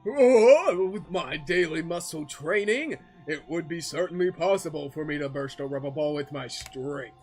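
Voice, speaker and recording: A man doing a booming, boastful muscle guy. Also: lively intonation, normal speed, hardly any pauses, darkish tone, soft background music, lightly acted. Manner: booming, proud. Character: loud boastful muscular young man.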